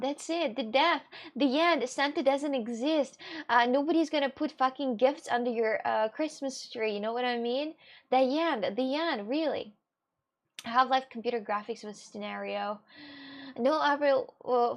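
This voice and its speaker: Young female streamer, casual and talkative, slightly high pitch, drops the odd swear. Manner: chatty, rambling, swears casually. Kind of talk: casual live-stream chat with viewers.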